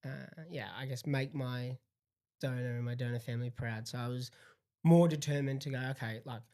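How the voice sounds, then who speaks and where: A young man chatting as a podcast guest, halting and pausing often with ums while he searches for words. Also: medium pitch, steady tone, mellow. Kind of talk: casual chat.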